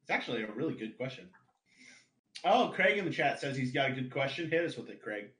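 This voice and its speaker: A man hosting a podcast interview, briskly reading out the listener questions. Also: medium pitch, sing-song, a bit bright. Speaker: podcast host. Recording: roomy echo.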